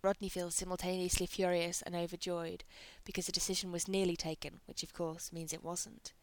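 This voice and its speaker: Low-voiced woman reading a story. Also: flat delivery, brisk, no echo. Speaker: narrator. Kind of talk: reading fan fiction aloud.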